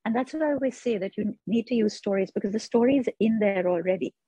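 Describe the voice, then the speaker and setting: A woman's voice: mid-range voice, fast talker, mellow, slightly rough, no echo. A woman, speaking earnestly as an interview guest about changing old narratives. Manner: earnest, quotes others in mock voices. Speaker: interview guest, author on sexuality. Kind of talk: reflective interview talk. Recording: dull lo-fi sound.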